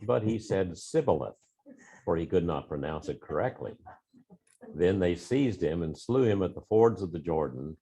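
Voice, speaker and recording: A man in a Bible class reading scripture aloud in a steady, measured way. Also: low-pitched. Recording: dull, muffled room recording.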